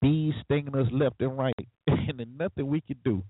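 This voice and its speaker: A man's voice: mid-range voice, fairly even intonation, moderate pace, slightly rough, no echo. Sarcastic talk show man on a tinny line. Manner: sarcastic, preachy, chuckling asides. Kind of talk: opinionated radio talk monologue. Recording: tinny phone-like, dry.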